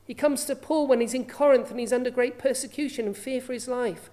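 Earnest woman preaching, mellow voice. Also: fairly high pitch, a little fast. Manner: earnest, frequent rhetorical questions. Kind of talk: sermon.

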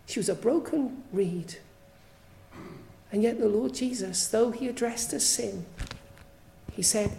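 Mellow-voiced woman preaching a sermon. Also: fairly high pitch, animated, measured pace, creaky, reverberant, a little hiss or hum, rough recording. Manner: earnest, pleading, asks the listeners direct questions.

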